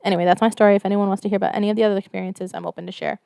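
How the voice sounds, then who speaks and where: A woman's voice: medium pitch, rapid-fire, vocal fry, smooth, no room sound, studio quality. A woman co-hosting a casual podcast, reading out a listener's story and chatting, swearing freely. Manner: casual, swears freely, reads stories in a steady flat telling.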